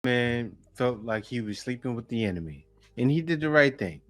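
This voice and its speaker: A man's voice: medium pitch, animated, normal speed, a bit bright, no room sound. A man giving conversational opinion commentary, posing rhetorical questions.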